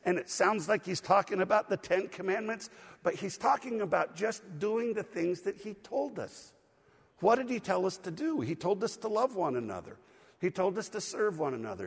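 A man's voice: high-pitched, gravelly, slightly rough. A man preaching a sermon in a church, getting over a cold, leading his congregation in call-and-response. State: recovering from a cold. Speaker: pastor. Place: church sanctuary. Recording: long hall reverb.

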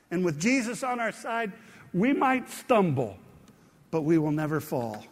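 Man, pastor, high-pitched voice, self-deprecating storytelling sermon, long hall reverb. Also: very animated, a little slow.

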